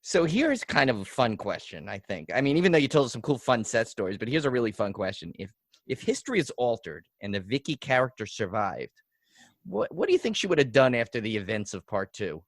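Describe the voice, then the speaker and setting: A man's voice: mid-range voice, sing-song, brisk. A man with a New York accent co-hosting a podcast interview, joking and laughing often. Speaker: podcast co-host. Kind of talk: casual interview chat.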